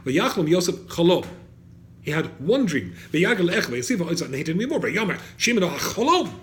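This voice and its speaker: A rabbi teaching students speaks briskly in a fairly high, sing-song voice during an animated Torah lecture. He quotes Hebrew verses, gives translations and directs questions at the class. The recording sounds echoey, with faint background noise.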